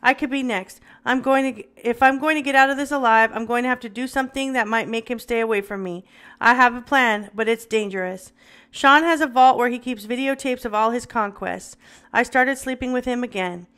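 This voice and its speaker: A woman's voice: fairly high pitch, a little fast, a bit bright. A woman reading a memoir aloud in the first person, dramatic and with occasional stumbles. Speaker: reader.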